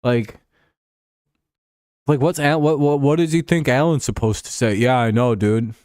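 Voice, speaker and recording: A man's voice: mid-range voice, fairly even intonation, a little slow, darkish tone, no echo. Man, casual livestream sports talk, rambling, profane, chuckling, dry close sound. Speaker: streamer.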